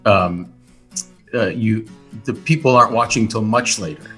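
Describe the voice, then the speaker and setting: A man's voice: fairly low pitch, normal speed, bright, forceful tone, faint music behind. A middle-aged Canadian man, a guest actor, rambling playfully in casual comedic chat on a podcast. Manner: rambling, playful, does silly voices.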